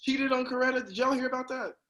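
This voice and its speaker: A man doing a stand-up comedy set over a video call, animated and bursting into loud character voices. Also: very high-pitched, fast, a loud crowd, rough recording.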